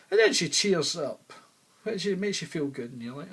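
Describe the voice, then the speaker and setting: A male comedian with a high, lively voice. He tells a rambling domestic story, cursing often, and his voice leaps up and down as he gets worked up. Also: moderate pace, slightly rough. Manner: swearing, animated storytelling with sudden loud bursts. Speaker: stand-up comedian. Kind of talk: comic storytelling.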